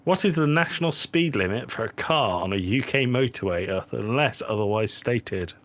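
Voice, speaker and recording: A man co-hosting a podcast, bantering with friends in an animated, teasing way and swearing freely. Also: medium pitch, moderate pace. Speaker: podcast co-host. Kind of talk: casual banter.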